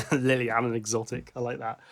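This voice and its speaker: With a steady, slightly bright medium-pitched voice at a moderate pace, a man co-hosts a casual music podcast. He rambles through his reviews, regularly restarting sentences and fixing what he said.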